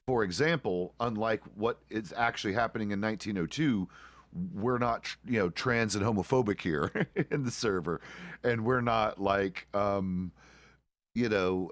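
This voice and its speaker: A low-pitched middle-aged man talks to his stream chat and fellow players in a loose, rambling way. He restarts and corrects himself often and drops the odd curse. The sound is dry, with no room in it. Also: a bit bright, dry recording. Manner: rambling, self-correcting, casual swearing. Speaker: streamer playing a deputy. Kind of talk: casual roleplay stream chat.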